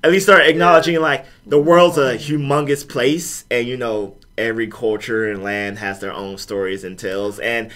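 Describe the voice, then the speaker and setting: A man's voice: medium pitch, moderate pace, few pauses. A man co-hosting a podcast, chatting casually about movies and shows, telling stories with acted-out quotes. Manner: animated storytelling, acts out quotes with laughter. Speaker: podcast co-host. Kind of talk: casual chat.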